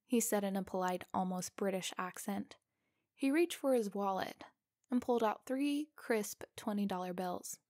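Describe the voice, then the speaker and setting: A woman narrating a scripted first-person story in a slow, deliberate, suspenseful way. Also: medium pitch, a little mellow, no room sound, studio quality.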